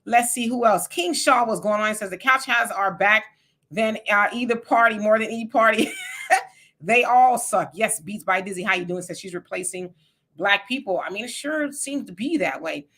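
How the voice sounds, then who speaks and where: A woman's voice: mid-range voice, moderate pace, fairly bright tone. A woman hosting a livestream in a casual, chatty way, greeting viewers by name and reading their comments aloud. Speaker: livestream host.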